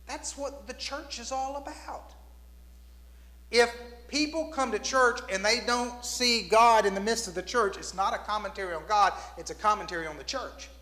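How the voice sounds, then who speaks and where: In the church sanctuary, a man preaching as pastor narrates stories and performs the quoted voices of their characters. He speaks at a moderate pace with a high-sitting, bright, forceful voice, wrapped in long reverb from the room.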